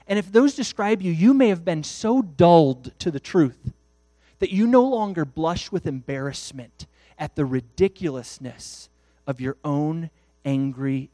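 Male pastor, animated sermon delivery, fairly high voice. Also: no room sound. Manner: animated, acts out dialogues.

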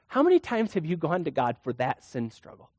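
A preacher delivers a sermon in a conversational manner, full of rhetorical questions and acted-out quotes. The voice sits at a middle pitch. The sound is dry and close. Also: huge pitch swings, brisk, a little mellow, husky, no room sound.

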